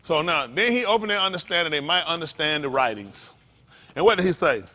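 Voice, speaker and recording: A man preaching an interactive sermon, calling out to his congregation in with a lively, animated manner. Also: a little high, fairly quick. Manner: animated, calls out to the congregation, folksy vernacular. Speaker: pastor.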